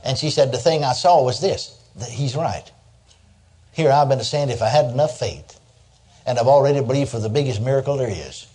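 A man's voice: mid-range voice, lively intonation, moderate pace, warm tone. An older man preaching a sermon, telling stories in a folksy way and chuckling as he goes. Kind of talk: sermon with storytelling.

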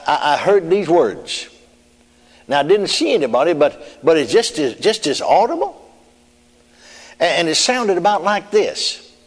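Folksy preacher man in a reverberant hall. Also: fairly high pitch. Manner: folksy storytelling with chuckles and "amen". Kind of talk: sermon testimony.

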